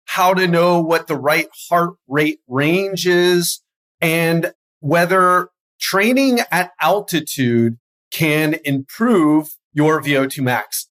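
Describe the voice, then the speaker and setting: A man's voice: a little high, a bit bright. A man hosting a health podcast as a coach, talking energetically and stumbling over his words now and then. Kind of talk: solo podcast monologue.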